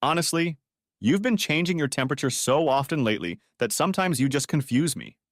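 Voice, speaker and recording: A man's voice: on the high side, animated, a little fast, no room sound, studio quality, pitched above the performer's own voice, lightly acted. A man playing a suspicious husband who questions his wife in a sarcastic, exasperated way.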